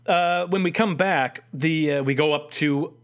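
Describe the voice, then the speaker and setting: A man co-hosting a podcast, recapping a cartoon episode in casual chat, often laughing and jumping up in pitch. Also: unhurried, smooth. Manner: animated, laughs often, jumps up in pitch for quoted lines. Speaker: podcast co-host.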